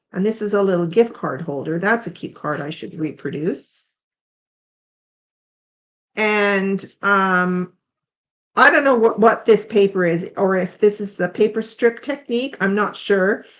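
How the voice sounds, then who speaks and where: A middle-aged woman from Canada hosting a casual craft demonstration, chatty and tired, thinking aloud with unsure asides. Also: mid-range voice. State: tired, yawning. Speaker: craft tutorial host. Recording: slightly dull lo-fi sound.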